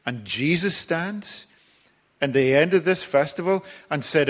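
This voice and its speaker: A man's voice: a little high, expressive, unhurried. A male preacher giving a sermon in a conversational way, with frequent restarts and fillers.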